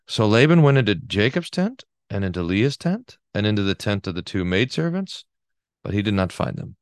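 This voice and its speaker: A man's voice: fairly low pitch, moderate pace, dry recording, studio quality. A man, a pastor, teaching a Bible class in a conversational way, reading quotations aloud and commenting with frequent restarts. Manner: lively, restarts often, reads quotations with emphasis.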